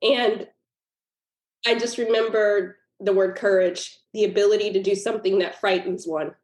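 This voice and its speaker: A woman's voice: mid-range voice, steady tone, normal speed, darkish tone. A woman guest author telling a personal story in a podcast interview, earnest and emotional. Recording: roomy echo.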